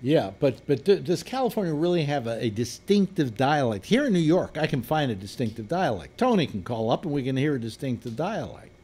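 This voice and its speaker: A man's voice: medium pitch, sing-song, a little fast, hardly any pauses, a little mellow, slightly rough. An older man hosting a live panel chat, talking casually and rambling with restarts. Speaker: host.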